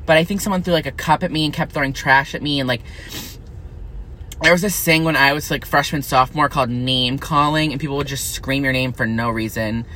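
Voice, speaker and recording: A young man in college, venting in a profane, angry, unfiltered rant to camera that swings into high, shrill outbursts. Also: fairly quick, sharp tone, a little hiss or hum. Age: young adult. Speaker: vlogger.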